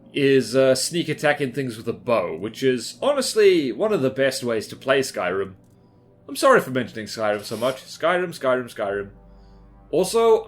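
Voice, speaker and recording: A man chats his way through gameplay commentary in a mid-pitched voice. He rambles, pokes fun at himself and fills his talk with "like" and "um". Faint game music runs underneath. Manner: chatty, rambling, self-deprecating, many fillers. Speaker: gaming YouTuber.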